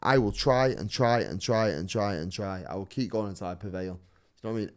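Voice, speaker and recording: A man's voice: lowish voice, brisk, smooth. A man, a fighter talking casually and earnestly on a podcast, swearing freely and repeating himself. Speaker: fighter guest.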